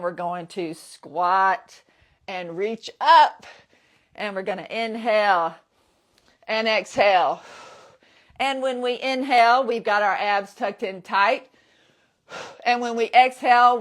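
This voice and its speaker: A woman's voice: fairly high pitch, a bit bright. A woman in her sixties leading a live workout class, upbeat and encouraging, and whooping to cheer people on. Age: 60s. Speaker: fitness instructor.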